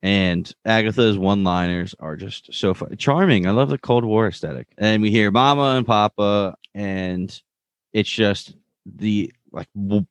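Deep-voiced man recapping a show. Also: smooth, no echo. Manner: chatty retelling, acts out quoted lines. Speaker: podcast co-host. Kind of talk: casual chat recapping a TV episode.

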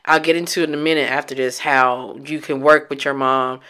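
A woman vlogger telling a personal story in a candid, emotional, reflective way, with halting restarts and casual swearing. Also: a bass voice, steady tone, sharp tone, smooth.

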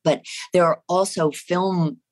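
A woman's voice: on the low side, fairly even intonation, slow pace, darkish tone. A woman from New Jersey, a stage and screen actress, talking expressively and emphatically in a casual interview. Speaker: actress, guest.

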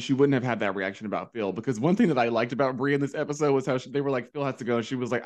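A man's voice: medium pitch, rapid-fire. A man who is a guest on a podcast, giving opinionated, sarcastic takes in casual chat with frequent swearing.

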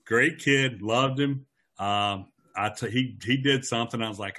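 This teacher's voice is medium in pitch, and he takes his time. Chatting casually, he brings an old teaching story to life, acting out the voices of the people in it with plenty of animation.

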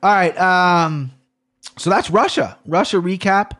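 A man hosting a solo podcast, talking casually in an animated, profane, rambling way. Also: high voice, a little slow. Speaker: podcast host.

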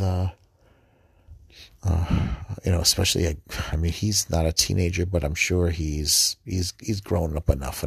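A man with a very low, gravelly voice gives a devotional talk and reads scripture. He speaks haltingly and earnestly, repeating himself. His tone is husky, recorded dry and close. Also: a bit bright, dry recording. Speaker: preacher. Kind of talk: devotional podcast reflection and scripture reading.

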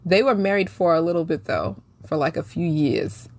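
A woman, co-hosting a casual chat, relaxed and chiming in with questions and quick agreements. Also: deep voice, a crowd in the background. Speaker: podcast co-host.

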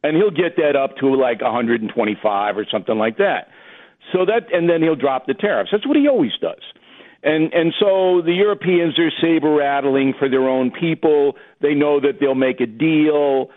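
A man calling in as a radio guest, blunt and dismissive, talking in quick bursts. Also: on the high side, lively intonation. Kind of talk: casual radio talk. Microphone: telephone. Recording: phone line.

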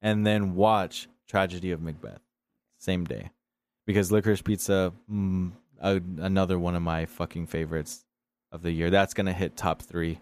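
A man's voice: deep voice, fairly even intonation, moderate pace. A man hosting a podcast in casual chat, rambling and laughing as he talks. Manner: rambling, laughing film talk. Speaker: podcast host.

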